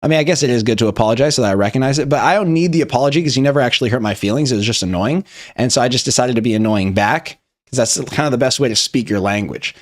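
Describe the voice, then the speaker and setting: A young man streaming, chatting casually and joking as he reviews memes in quick rambling asides. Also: medium pitch. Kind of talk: casual chat.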